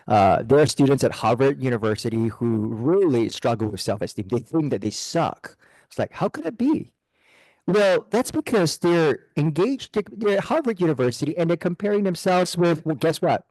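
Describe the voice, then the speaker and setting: A middle-aged man giving a motivational talk to a club, animated and chuckling at himself. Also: a little high, no echo, poor audio. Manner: animated, chuckling, self-deprecating. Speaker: guest speaker. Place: club meeting room.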